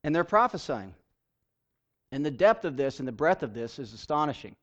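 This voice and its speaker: A man's voice: fairly high pitch, very animated, normal speed. A man giving a conversational bible teaching, chatty, with restarts and laughing asides. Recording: dull lo-fi recording.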